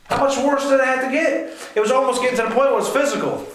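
A man's voice: rapid-fire, a bit bright, a little hiss or hum. A man preaching a sermon in a church, impassioned and speaking straight to his listeners, often calling them "man". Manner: impassioned, rising to high-pitched fervor. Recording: very echoey church room.

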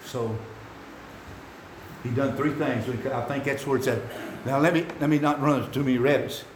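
A man preaching a rambling, folksy sermon that climbs into shouts. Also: mid-range voice, fairly even intonation, normal speed, noisy background. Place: church. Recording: echoey hall from far off.

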